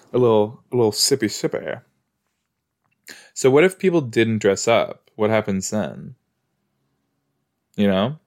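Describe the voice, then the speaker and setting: Man, podcast host, lowish voice, slow, chatty reaction. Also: expressive, darkish tone. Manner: chatty, playful, talks to the screen. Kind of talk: casual watch-along reaction.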